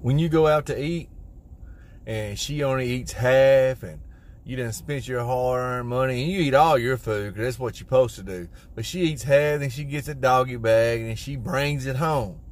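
A man delivering deadpan satirical marriage advice in a confident, mock-serious tone. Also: mid-range voice, normal speed. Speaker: comedy content creator.

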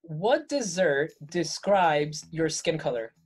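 A woman's voice: low-pitched, expressive, takes it slowly, darkish tone, faint music behind. A woman hosting a casual interview, asking questions in an upbeat, playful way. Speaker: host.

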